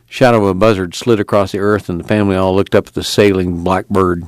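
A man reading a novel aloud in steady, measured narration. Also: low voice, dry recording. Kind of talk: audiobook narration.

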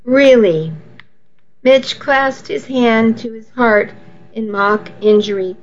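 Brief: woman narrating a novel, slow and intimate, dull lo-fi recording. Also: on the high side, steady tone, soft background music. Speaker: audiobook narrator. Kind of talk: first-person novel narration. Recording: slightly muffled lo-fi audio.

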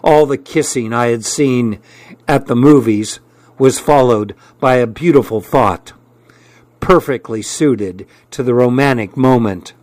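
A man narrating a first-person story as an audiobook, with measured storytelling. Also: mid-range voice, a little mellow, no echo.

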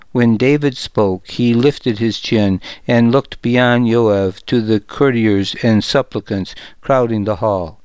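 A man narrating a story in the first person, calm and measured. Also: mid-range voice, clear, resonant tone, dry recording. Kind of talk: audiobook narration.

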